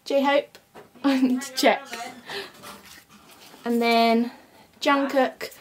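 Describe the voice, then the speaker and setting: Giggly high-voiced young woman. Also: little pitch movement, extremely slow, slight background noise. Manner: giggly, chatty, often laughing. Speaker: vlogger. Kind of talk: casual unboxing chat. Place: at home, indoors. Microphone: camera mic.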